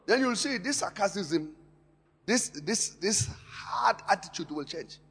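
A man preaching a sermon in a church, impassioned, swinging between quiet asides and loud emphatic lines and repeating words for stress. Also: sits high, animated, slow, husky. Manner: impassioned preaching with sharp rises and drops in loudness. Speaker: pastor. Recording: long hall reverb in a church.

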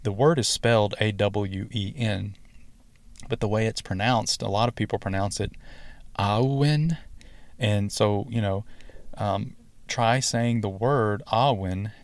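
A man's voice: fairly low pitch, no room sound. A man hosting a spiritual podcast, talking casually with many fillers and restarts. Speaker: podcast host.

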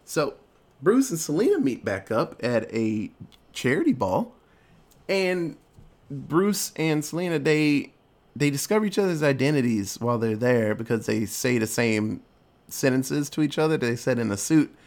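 A man's voice: mid-range voice, sing-song, normal speed, a little mellow. Rambling, swearing man recapping a film. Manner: rambling, swears freely, acts out quotes. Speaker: podcast co-host recapping a movie. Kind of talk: casual chat.

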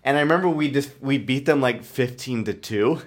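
A man's voice: medium pitch, a little fast. A man in his thirties hosting a podcast, telling rambling, self-mocking stories in casual chat. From Canada. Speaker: podcast host.

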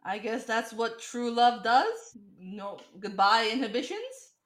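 A woman co-hosting a casual movie reaction chat, animated and laughing as she acts out scenes. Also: on the high side, takes it slowly, echoey room. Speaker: podcast co-host.

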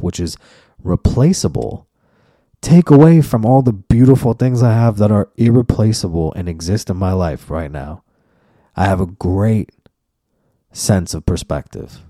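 Male podcast host and comedian, low mellow voice, profane and emphatic solo rant. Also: no echo, studio quality. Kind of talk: casual solo monologue.

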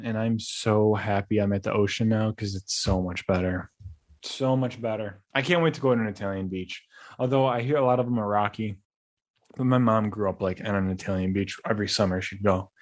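A young man hosting a podcast, telling casual stories in a rambling, animated way with frequent restarts. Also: on the low side, moderate pace. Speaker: podcast host. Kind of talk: casual monologue.

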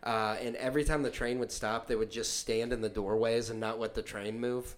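Man, mid-pitch, hesitant, halting podcast chat. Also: steady tone. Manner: hesitant, full of fillers and restarts. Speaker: podcast co-host. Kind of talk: casual chat.

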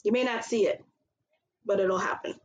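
A woman's voice: mid-range voice, steady tone, moderate pace, muffled recording. A woman hosting a podcast, talking earnestly in casual chat with many fillers. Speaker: podcast host.

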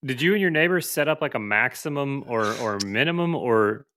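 A man's voice: medium pitch, lively intonation, moderate pace, sharp tone, no room sound, clean studio sound. A man in casual podcast chat, asking short follow-up questions with the listeners in mind. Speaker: podcast co-host.

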